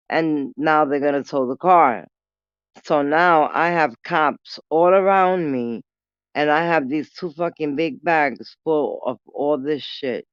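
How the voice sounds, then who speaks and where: A woman's voice: sits low, clear, resonant tone, no room sound, lo-fi sound. Profane New woman spinning a story. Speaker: vlogger. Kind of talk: casual storytelling.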